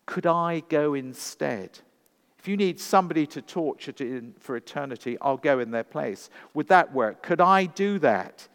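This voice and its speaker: A man's voice: mid-range voice, lively intonation, brisk, hardly any pauses, lightly acted. A man voicing a distraught father who stumbles over his words and pleads, read aloud in a church with long reverb. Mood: pleading. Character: desperate pleading father, middle-aged man.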